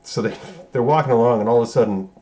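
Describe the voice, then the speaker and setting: A man's voice: mid-range voice, fast talker, mellow. A man reviewing a movie, casually recapping scenes in a loose, profane way and correcting himself as he goes. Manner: loose, profane, rambling retelling with self-corrections.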